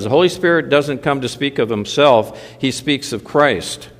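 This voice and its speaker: A man preaching a sermon in a conversational way, dropping mildly sardonic asides as he goes. His voice sits at an ordinary middle pitch and carries a long reverb from the hall around him. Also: animated, normal speed. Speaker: pastor.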